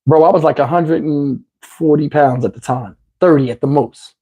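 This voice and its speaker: A man with a husky, slightly rough voice spins a casual personal story straight to his audience. His delivery is loose, streetwise and peppered with profanity, like talking to friends. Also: a little high, moderate pace, warm tone. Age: adult, looking back on his youth. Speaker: channel host telling a personal story.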